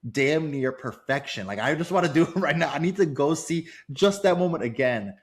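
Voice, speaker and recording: Give me an enthusiastic man chatting as a podcast guest, gushing and halting. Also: on the high side, lively intonation. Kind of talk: casual movie podcast chat.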